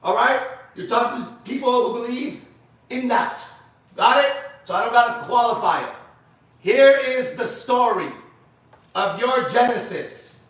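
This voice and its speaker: A man's voice: very high voice, animated, measured pace, a bit bright. A man preaching to a men's group, blunt and emphatic, repeating phrases for stress. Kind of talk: sermon-style teaching. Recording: very echoey room, voice far from mic.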